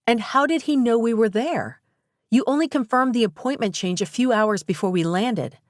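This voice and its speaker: A woman's voice: fairly high pitch, normal speed, dry recording, studio quality, pitched above the performer's own voice, natural voice. Woman voicing a spirited young heroine. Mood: worried.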